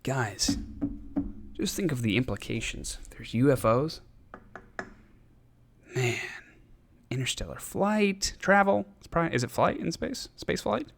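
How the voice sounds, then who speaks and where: A man's voice: medium pitch, sing-song, unhurried, vocal fry, long pauses, a little hiss or hum. A man hosting a podcast, ranting in a casual, sarcastic, profane comedic way. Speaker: podcast host.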